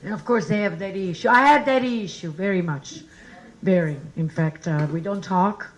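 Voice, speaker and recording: A woman with an Italian accent hosting a comedy night, joking loosely and then hyping up the next act with shouts. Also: medium pitch, normal speed, low-quality recording. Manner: loud, jokey, shouting crowd hype. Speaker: comedy show host. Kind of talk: stand-up banter and introduction. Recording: live comedy room with crowd.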